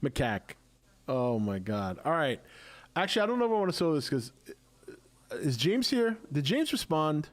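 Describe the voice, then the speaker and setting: A man's voice: fairly high pitch, sing-song, moderate pace. A middle-aged man hosting a casual live stream, chatty and laughing often, with many restarts.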